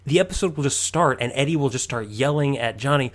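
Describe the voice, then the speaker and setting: A man's voice: mid-range voice, quick pace. Chuckling man in casual podcast chat. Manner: laughs often, thoughtful. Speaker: podcast co-host. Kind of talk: casual chat analyzing a cartoon.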